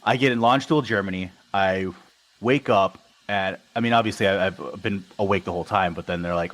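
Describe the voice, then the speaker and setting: A young man from Wisconsin, an army veteran appearing as a podcast guest, tells stories casually in a deep, slightly fast voice. He's animated and acts out the quoted dialogue, and the recording quality is low.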